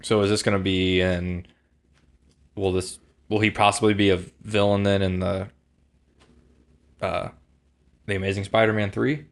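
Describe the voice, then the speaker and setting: Male co-host, very low and gravelly, relaxed casual talk. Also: normal speed, long pauses. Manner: relaxed, short agreeing replies. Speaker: podcast co-host. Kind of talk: casual chat.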